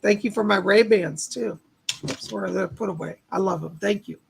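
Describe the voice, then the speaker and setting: A male psychic medium on a live stream, hoarse from losing his voice, relaying spirit messages and thanking donors by name. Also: high-pitched, moderate pace, a little hiss or hum. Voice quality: gravelly, husky voice. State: losing his voice, clearing his throat.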